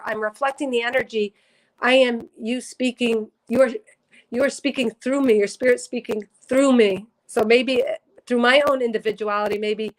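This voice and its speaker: In a roughly recorded spiritual livestream, a woman psychic with a fairly high pitch reads viewer comments aloud. Earnest and teary, she rambles and keeps correcting herself in this casual, emotional reading.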